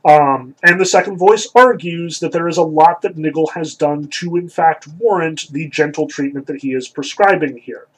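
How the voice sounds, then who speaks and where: A man's voice: on the high side, moderate pace, hardly any pauses, fairly bright tone, slightly rough, poor audio. A man giving a lecture, reading and analyzing passages from a story in a thoughtful, explanatory way with frequent ums and likes. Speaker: literature lecturer.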